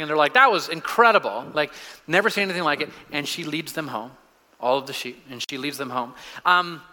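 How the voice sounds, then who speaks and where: A man preaching a sermon in a relaxed, conversational way, with restarts and fillers, and dropping quieter when he quotes. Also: fairly high pitch. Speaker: pastor. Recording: long hall reverb.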